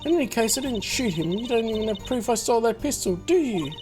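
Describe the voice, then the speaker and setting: A man's voice: very high voice, animated, quick pace, darkish tone, faint music behind. A man voicing a cunning, haughty young woman under questioning, coy and scheming in tone, read aloud over a video game. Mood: defiant.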